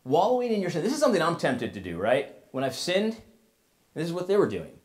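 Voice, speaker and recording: A man preaching a sermon as pastor in a casual, conversational way, retelling a story with asides and lively paraphrase. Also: on the high side, fast talker.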